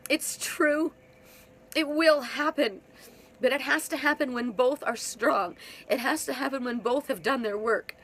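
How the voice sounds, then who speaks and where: A woman's voice: high-pitched, measured pace, fairly bright tone. A woman giving a live spiritual talk as a reader, crying, earnest and emotional, often repeating her phrases. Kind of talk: live-streamed spiritual monologue.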